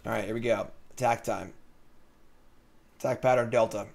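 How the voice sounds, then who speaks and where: A man's voice: lowish voice, fairly even intonation, moderate pace, creaky. Chatty man thinking aloud over gameplay. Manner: thinking out loud, casual and chatty; jokey, reads chat comments aloud. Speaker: host of a card game stream. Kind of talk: live gameplay commentary.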